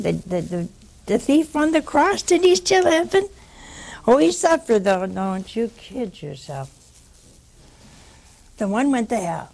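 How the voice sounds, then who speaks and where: A woman's voice: fairly high pitch, vocal fry, husky. A woman preaching a sermon, teasing her listeners and acting out the people in her stories. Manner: teasing, animated storytelling with quoted voices. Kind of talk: sermon with storytelling.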